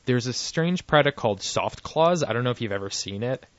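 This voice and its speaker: On a podcast, a man with a mid-range voice chats casually at a fairly quick, animated clip, laughing often and rambling through restarts and fillers. The sound is dry, dull and lo-fi.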